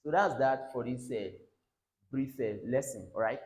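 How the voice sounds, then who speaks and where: A man teaches a pronunciation lesson in a mid-pitched voice. He repeats each word and keeps checking in with "all right?". The sound carries the echo of a bare room. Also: moderate pace, darkish tone. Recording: echoey room.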